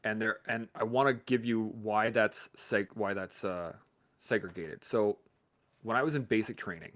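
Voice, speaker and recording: A man from Canada hosting a live stream, telling a profane, animated story in a casual motivational way, laughing often. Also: fairly low pitch, normal speed.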